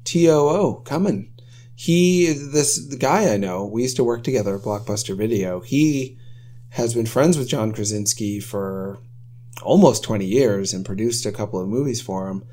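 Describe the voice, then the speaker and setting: A man's voice: medium pitch, moderate pace, warm tone. A man co-hosting a podcast, talking earnestly and hesitantly with fillers. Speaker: podcast co-host. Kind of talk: casual podcast talk.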